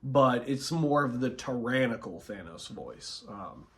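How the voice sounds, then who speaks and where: A man with a sore, hoarse voice talks casually to camera, rambling and chuckling between voice impressions. He speaks unhurriedly, with plenty of pauses. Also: medium pitch, animated, a bit bright.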